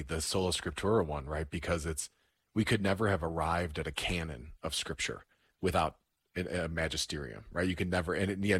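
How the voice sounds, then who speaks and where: A man's voice: sits low, breathy edge, no room sound. A man hosting a casual conversation, asking questions in a thoughtful, appreciative way. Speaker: host.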